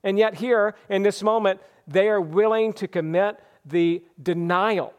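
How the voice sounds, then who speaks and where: Male preacher, kinda high smooth voice, earnest, slows way down on the key lines. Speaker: pastor. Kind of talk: sermon.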